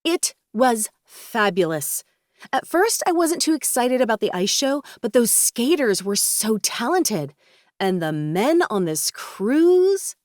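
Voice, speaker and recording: A woman voicing a flirty female celebrity who gushes in a drawn-out, breathy way, read for an audiobook. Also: a little high, big pitch swings, no room sound, studio quality, voice pushed up. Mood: gushing.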